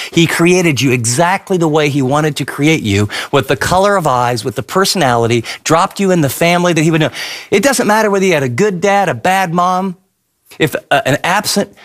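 A middle-aged pastor delivering a sermon. He tells stories animatedly, jumping up and down in pitch and speeding up in bursts. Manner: animated storytelling, sudden pitch swings.

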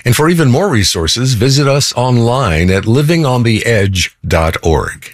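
A man's voice: mid-range voice, lively intonation, a little slow, dry recording, clean studio sound. A man reading a polished, scripted promotional announcement for a radio program.

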